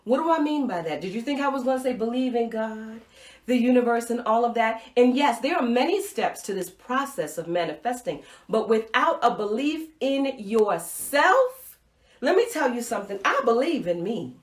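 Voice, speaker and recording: A woman hosting a live-streamed inspirational talk, telling a personal story with animated acted-out reactions and dropping to a soft, intimate voice for key points. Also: a little high, normal speed, echoey room. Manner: animated storytelling, acts out her own reactions. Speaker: host. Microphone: Facebook Live stream, webcam or phone mic.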